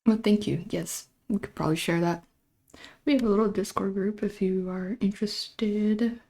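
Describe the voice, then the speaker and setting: Brief: woman art streamer, sore throat, giggly chat with viewers, mid-pitched, slips into whispers. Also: dark tone. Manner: chatty, giggly, greets and thanks chat. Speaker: livestreaming artist.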